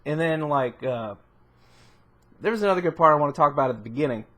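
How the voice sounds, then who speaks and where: Rambling man with a slightly high voice, casual film-review vlog delivery, lots of fillers and laughs. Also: lively intonation, fast talker, pushed and bright. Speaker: movie reviewer.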